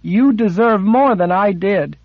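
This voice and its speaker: A man voicing a young girl, angry and grieving, in a raised, high, strained voice. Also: measured pace, dry recording, dull audio. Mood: accusing.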